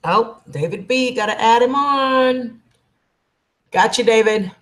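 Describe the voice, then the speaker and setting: A woman's voice: fairly high pitch, takes it slowly, fairly bright tone. A woman, chatting casually and affectionately with her livestream viewers and calling them honey. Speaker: livestream host.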